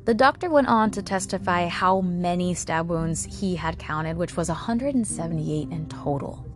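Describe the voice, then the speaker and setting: A woman's voice: lowish voice, moderate pace, soft background music. Woman narrating true crime, sarcastic asides. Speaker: podcast host narrating a true crime case.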